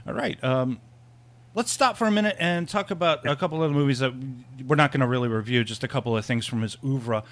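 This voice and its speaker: A man's voice: medium pitch, quick pace, fairly bright tone. A man co-hosting a casual film podcast, rambling and laughing often, with many restarts. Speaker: podcast co-host.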